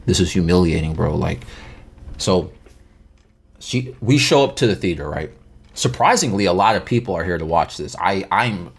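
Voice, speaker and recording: A man's voice: lowish voice, breathy edge. Guy doing a storytime, rambly and slangy, keeps restarting words, voice jumps around a lot. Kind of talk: casual story time.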